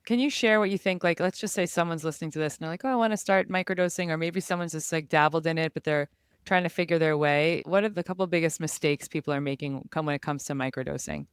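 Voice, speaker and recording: A woman's voice: sits low, steady tone, fast talker, clear, resonant tone, dry recording, clean studio sound. A woman hosting a podcast, talking casually and chattily with lots of "like" fillers. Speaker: podcast host. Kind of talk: casual conversational interview.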